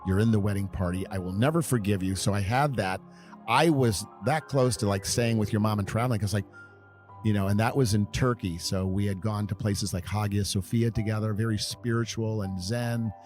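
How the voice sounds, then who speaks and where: A man's voice: lowish voice, fairly even intonation, a little mellow, soft background music. A man in his fifties from California, a podcast guest telling long, meandering stories from his past at an easy pace. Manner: unhurried, meandering storyteller. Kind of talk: reminiscing interview storytelling.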